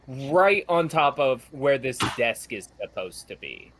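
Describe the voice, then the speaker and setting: Slow-talking young male game master. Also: mid-range voice, big pitch swings, noisy background. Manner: slow, halting narration with fillers. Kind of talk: narrating a tabletop game.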